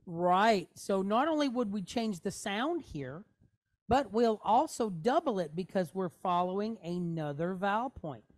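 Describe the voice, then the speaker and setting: In this classroom lesson, a woman patiently walks her students through Hebrew reading one step at a time, often asking "okay? right?" Her mid-range voice is expressive and unhurried with a darkish tone, and there's no echo.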